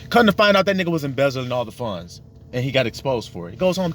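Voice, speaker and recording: A man's voice: medium pitch, sing-song, fast talker, a bit bright, a little hiss or hum. A man giving a casual, profane sermon, acting out little dialogues to make his points. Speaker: religious teacher.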